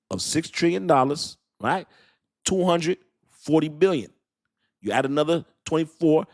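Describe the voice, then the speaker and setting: A man hosting a live crypto commentary stream, talking emphatically and repeating his points to the viewers. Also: fairly high pitch. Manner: emphatic, repetitive, talks straight to the viewers. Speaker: crypto channel host.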